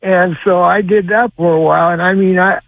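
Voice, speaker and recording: An older man calling in to a radio show, telling a long story in a rambling, halting way with lots of uhs. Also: sits high, steady tone, vocal fry. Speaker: caller. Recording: tinny phone line.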